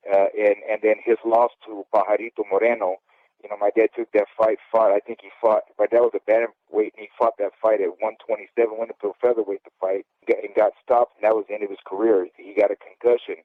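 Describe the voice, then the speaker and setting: A man's voice: lowish voice, little pitch movement, fast, no room sound. A man in his fifties, a former boxer, telling his life story in an interview in a candid, rambling way, often asking "okay?". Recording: dry, phone-like audio.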